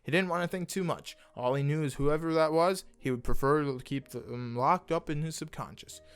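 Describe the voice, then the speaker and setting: A man's voice: a little high, normal speed, clear, resonant tone. A young man reading fan fiction aloud in a casual way, stumbling over words and adding asides. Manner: animated, stumbles over words, laughs at the text.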